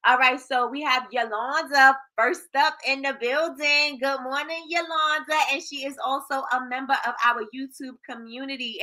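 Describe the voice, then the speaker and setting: A woman hosting a casual live stream, warmly greeting viewers by name with lively, sing-song shout-outs. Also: a little high, low-quality recording. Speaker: livestream host.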